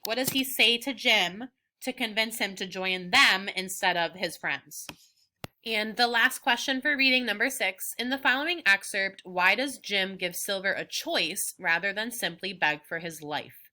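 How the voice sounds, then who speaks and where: A woman's voice: medium pitch, measured pace, sharp tone. A woman teacher giving a recorded lesson, walking her students patiently through reading questions. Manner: clear, patient question-by-question guidance.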